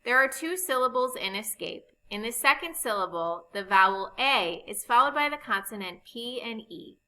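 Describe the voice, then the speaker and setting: A woman teaching a recorded phonics lesson, explaining spelling rules slowly and patiently. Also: a little high, lively intonation, pushed and bright, poor audio. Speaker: reading teacher.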